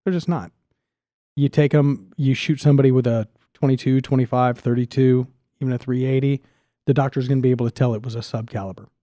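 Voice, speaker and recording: Podcast guest, middle-aged man: eager and quick, mellow tone, dry sound. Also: mid-range voice, steady tone, dry recording. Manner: enthusiastic, talks fast with restarts. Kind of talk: casual podcast chat.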